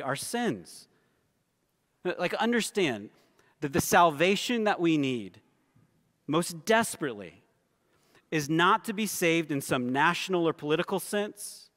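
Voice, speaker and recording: A male pastor delivers an earnest sermon with a fairly high voice. He slows and sinks to a hushed low tone on the words he wants to stress. The sound rings with the long reverb of a church hall. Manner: earnest preaching, drops low and soft for emphasis. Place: church sanctuary.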